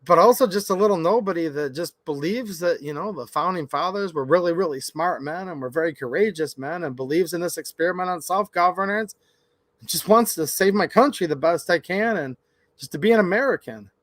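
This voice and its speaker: A man from Michigan talks off the cuff on his own livestream, recorded in his workshop. His voice sits fairly high and sounds dry and close, with no room echo. He is opinionated and chatty, and he keeps turning to address his viewers. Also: lively intonation, a little fast. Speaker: gun channel livestream host. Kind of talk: casual livestream commentary.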